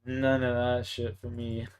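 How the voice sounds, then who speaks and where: A man's voice: mid-range voice, slight background noise. A young man from Canada with a Canadian accent, chatting casually in a laid-back, profane, slangy way. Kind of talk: casual chat.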